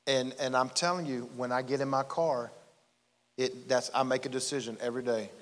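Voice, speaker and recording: Male pastor, casual animated sermon, mid pitch, live church hall reverb. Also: brisk. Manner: folksy, animated preaching with asides. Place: church sanctuary.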